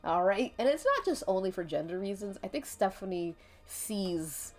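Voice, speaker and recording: Animated, giggly woman streamer. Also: mid-range voice, moderate pace. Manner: rambling, giggly, swears casually. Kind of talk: casual chat while drawing on stream. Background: faint background music.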